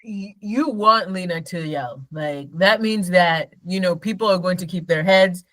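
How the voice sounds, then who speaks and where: A podcast co-host chats casually and teases with heavy slang. The voice is bright, and the recording is dry and close. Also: mid-range voice, a little slow, no echo, low-quality recording. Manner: slangy, joking, teasing. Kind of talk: casual chat.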